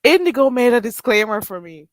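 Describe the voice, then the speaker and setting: Brisk and on the high side, a Jamaican-accented woman runs a casual livestream, reading chat comments out loud. She's animated, laughing and exclaiming, with a little hiss or hum in the audio.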